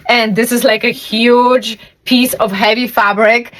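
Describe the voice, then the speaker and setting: A woman's voice: on the high side, little pitch movement, unhurried, a bit bright. Chatty woman sewing vlogger. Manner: chatty, rambling, with fillers. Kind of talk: casual chat.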